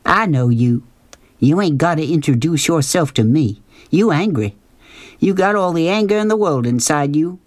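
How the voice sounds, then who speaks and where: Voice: medium pitch, expressive, normal speed, dry recording, pitched above the performer's own voice, natural voice. A reader voicing a tough, plain-spoken grown woman who works at a motel, talking in a blunt folksy way. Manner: blunt folksy dialect, teasing.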